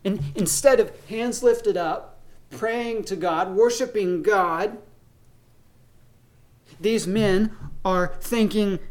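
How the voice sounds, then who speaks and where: A man's voice: high voice, takes it slowly, long pauses. A man preaching a sermon as pastor, talking conversationally and acting out the voices of people in his stories.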